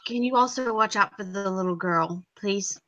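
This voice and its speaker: A woman's voice: mid-range voice, moderate pace, fairly bright tone. A woman playing a tabletop game who speaks politely and earnestly for her character. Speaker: player. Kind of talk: casual tabletop play. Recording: dull lo-fi recording.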